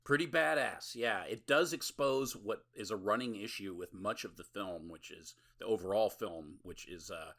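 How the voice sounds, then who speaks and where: Podcast co-host guy, lowish voice but bright, dry blunt takes. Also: moderate pace, hardly any pauses. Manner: dry, blunt, swears offhandedly. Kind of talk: casual chat.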